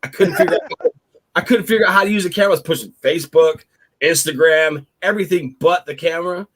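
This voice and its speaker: A man telling a wild story in casual chat, animated and profane, getting excited as he tells it. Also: fairly high pitch, fast.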